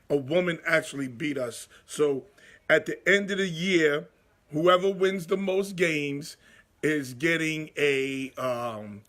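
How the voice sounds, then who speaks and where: A middle-aged man hosting a live sports talk show, chatting casually and giving shout-outs to viewers. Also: on the high side.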